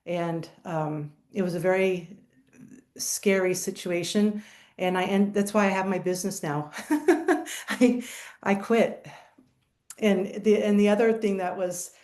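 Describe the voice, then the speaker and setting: A woman in her fifties, a business owner, speaks as a webinar panelist. Her delivery is soft-spoken and halting, with an emotional catch that suggests she is close to tears. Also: medium pitch, steady tone.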